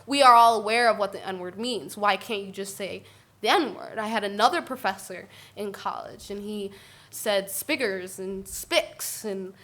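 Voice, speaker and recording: A woman speaking on a panel discussion, animated and often checking in with "right?". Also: medium pitch, unhurried. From Puerto Rican family. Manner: animated, tags points with "right?".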